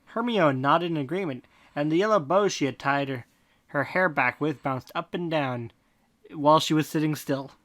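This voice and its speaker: A podcast host reading fan fiction aloud in a deadpan tone, breaking off for snarky comments. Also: mid-range voice, normal speed. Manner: deadpan reading broken by snarky asides and laughter. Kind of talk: comic fanfic reading with asides.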